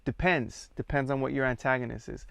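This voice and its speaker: A man at medium pitch with a smooth, resonant voice guides a theatre exercise. He speaks calmly and in measured steps, counting the group in. The sound is close and dry. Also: no echo. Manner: calm, measured, counts students in and prompts them. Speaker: theatre workshop leader.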